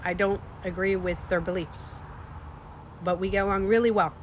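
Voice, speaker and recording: A woman with a slightly stuffy nose, chatting casually on a livestream. She talks in an animated, emphatic way, swears freely and speaks to her viewers. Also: mid-range voice, moderate pace, a little hiss or hum. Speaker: livestreamer and beauty coach.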